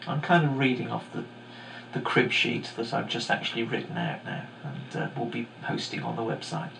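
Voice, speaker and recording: Gravelly, rambling man. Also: medium pitch, fairly even intonation, moderate pace, a bit bright. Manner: casual, digressive, many fillers. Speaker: podcast host and teacher. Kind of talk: rambling podcast monologue. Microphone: home microphone. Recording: echoey room, faint hum.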